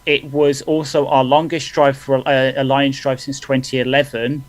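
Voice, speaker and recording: A man's voice: medium pitch, level tone, rough recording. A man co-hosting a live football watch-along, chatting casually and reading out player ratings. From England. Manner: quick, reads stats off in bursts. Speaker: podcast co-host. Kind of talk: casual live sports chat.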